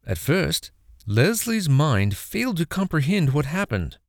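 A man telling a horror story as a narrator, in an expressive, dramatic reading. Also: fairly high pitch, measured pace, dry recording, clean studio sound.

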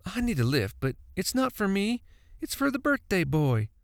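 A man voicing a sharp-tongued wife who scolds her drunk husband, pitched up and bossy. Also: wildly swooping pitch, normal speed, vocal fry, dry recording, clean studio sound, heavily acted. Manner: chiding, bossy.

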